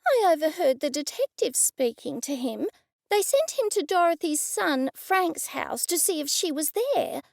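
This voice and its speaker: A high-strung woman friend talks breathlessly and dramatically, as a woman narrator puts her on. Her voice sits very high, and there is a gravelly grain in it. The sound is dry and close. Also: very animated, measured pace, no room sound, exaggerated voice. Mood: earnest.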